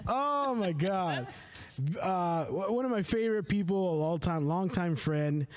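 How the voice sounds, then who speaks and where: A man's voice: sits high, expressive, a little slow, a little hiss or hum. A man hosting a podcast in casual chat, upbeat and welcoming, joking with his guests. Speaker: podcast host.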